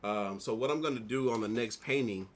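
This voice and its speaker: A man in his thirties, an artist vlogger, casually telling a personal story in a rambling, animated way while he works on a drawing. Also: medium pitch, brisk. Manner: rambling, animated retelling with repeated "like".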